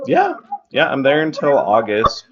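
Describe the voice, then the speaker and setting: A man's voice: medium pitch, wildly swooping pitch, unhurried, crowd noise. A young man on a call chatting plainly about where he is working. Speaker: player. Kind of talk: casual chat on a call. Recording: muffled call audio.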